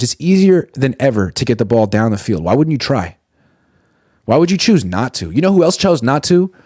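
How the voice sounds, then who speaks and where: A man's voice: fairly low pitch, a little mellow, no echo, studio quality. A man hosting a casual sports live stream, reading viewer comments aloud and answering them bluntly, swearing now and then.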